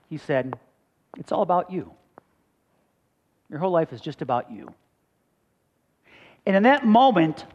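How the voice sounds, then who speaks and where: A middle-aged man from Michigan, a pastor preaching a sermon, rising to loud emphatic peaks and dropping into quiet storytelling asides. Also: fairly high pitch, dull audio.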